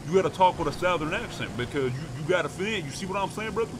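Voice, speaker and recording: A man's voice: fairly high pitch, expressive, very fast, noisy background. A young man streaming a role-play game, teasing and hyped, full of street slang. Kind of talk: casual role-play banter.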